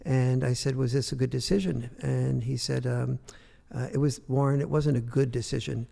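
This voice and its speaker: Gravelly older man telling a story. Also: medium pitch, steady tone, moderate pace, dark tone, in a large hall. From United States. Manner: rambling anecdotal storytelling with many fillers. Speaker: guest author. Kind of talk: storytelling in an interview.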